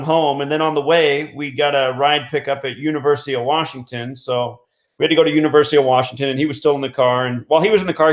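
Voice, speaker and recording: A man host telling a long story in a loose, casual way, full of fillers, restarts and small chuckles. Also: a little high. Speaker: radio host. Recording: roomy echo.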